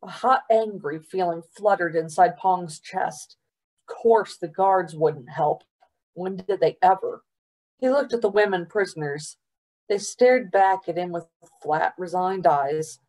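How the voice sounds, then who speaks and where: A woman librarian reading a children's novel aloud in a steady, expressive storytime voice. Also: on the low side, a little slow, poor audio.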